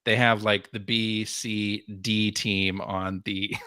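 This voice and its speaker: Bright, clear-voiced man chatting casually. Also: lowish voice, level tone, takes it slowly, no room sound, studio quality. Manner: upbeat, laughs often. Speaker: podcast co-host. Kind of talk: casual chat.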